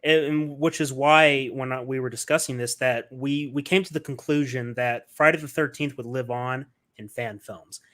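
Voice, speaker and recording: A male podcast host chatting casually with his guest at a middle pitch. He rambles with enthusiasm, circles back over his own words and leans on plenty of fillers. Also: fairly even intonation, moderate pace, hardly any pauses, fairly bright tone. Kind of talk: casual interview chat.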